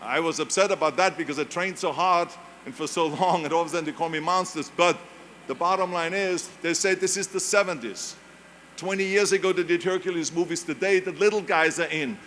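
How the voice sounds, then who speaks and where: A man's voice: a little high, brisk, fairly bright tone, a little hiss or hum. An older man whose first language is German, giving a commencement speech with a German accent and emphatic, repetitive storytelling into a podium microphone. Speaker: commencement speaker. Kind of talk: motivational speech. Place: large graduation ceremony venue.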